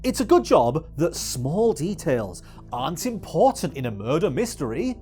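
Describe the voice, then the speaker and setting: A man's voice: on the high side, big pitch swings, normal speed, a little mellow, faint music behind. A man giving exasperated, swearing video essay commentary as a YouTuber.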